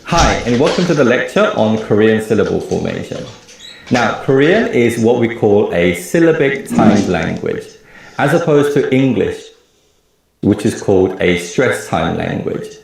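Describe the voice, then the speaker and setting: A man teaching a recorded lecture, explaining clearly and repeating example words slowly. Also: lowish voice, big pitch swings, heavy reverb, a little hiss or hum. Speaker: language teacher.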